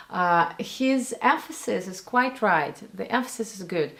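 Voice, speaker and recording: A woman from Russia, a native speaker of Russian, talking in English with a Russian accent as she casually breaks down actors' accents for her viewers in an animated, direct way. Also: mid-range voice, measured pace. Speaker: language and accent teacher. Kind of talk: casual commentary on film accents.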